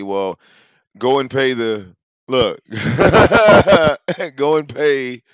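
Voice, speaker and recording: A man, telling a story casually to his audience. He talks in an animated, profane way, often repeating words and restarting his sentences. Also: mid-range voice, dry recording, dull audio. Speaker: channel host.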